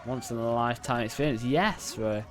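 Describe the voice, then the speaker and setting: A man's voice: mid-range voice, moderate pace, faint music behind. A man live-streaming a racing game, chatting casually with his viewers in a rambling, self-interrupting way. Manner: bursts into loud repeated "no, no" while playing. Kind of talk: casual live-stream chat while gaming.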